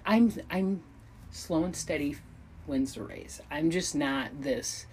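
A woman's voice: sits low, takes it slowly, husky. A woman in her thirties hosting her own podcast, rambling casually with frequent ums, restarts and self-deprecating asides. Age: 30s. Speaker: podcast host. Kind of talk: casual solo podcast monologue.

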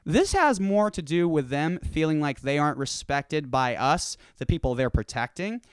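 A casual, profane monologue: a man rants and tells stories, animatedly acting out each quote. He speaks at a normal pace, his slightly high pitch jumping around as he heats up. His smooth, clear voice is recorded dry and close, without room echo.

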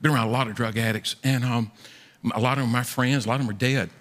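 Bright-voiced preacher in an echoey hall. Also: male voice, medium pitch, quick pace. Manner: folksy, animated preaching with repeated words. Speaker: pastor. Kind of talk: sermon. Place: large church hall.

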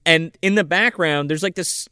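A man's voice: a little high, moderate pace, smooth, no echo, studio quality. A man co-hosting a casual movie podcast, swearing freely and acting out characters as he talks. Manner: animated, swears, acts out characters. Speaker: podcast co-host. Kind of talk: casual movie-riff chat.

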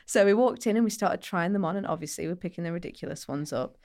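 A woman's voice: on the low side, quick pace. A woman from England, co-hosting a podcast and telling stories in casual chat, acting out what people said. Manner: animated storyteller, acts out quoted voices. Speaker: podcast co-host.

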